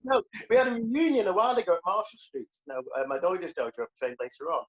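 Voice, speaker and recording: A man's voice: high-pitched, big pitch swings, fast. Man in his sixties, lo-fi sound. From Liverpool, England. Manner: earnest, reflective, stammers into sentences. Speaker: guest, comedian and karateka. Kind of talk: casual conversational interview.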